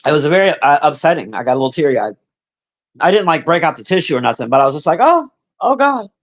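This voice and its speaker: A man with a high-pitched voice streams live, chatting casually with his viewers. He swears freely and rambles with plenty of fillers, calling out people in chat by name. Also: animated, very fast, highs cut off. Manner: profane, rambling, with many fillers; talks straight to chat by name.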